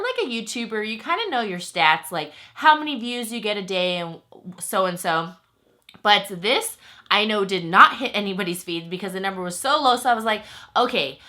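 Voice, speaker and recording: A young woman chatting to her viewers in a loose, animated way, full of little fillers. Her voice is bright and forward, set at a middling pitch. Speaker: beauty vlogger. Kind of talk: casual chatty vlog.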